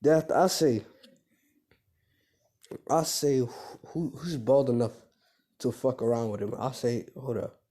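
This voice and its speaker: A man improvising a fan-fiction story out loud, rambling and correcting himself, in slangy casual speech. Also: medium pitch, slow pace, pauses often.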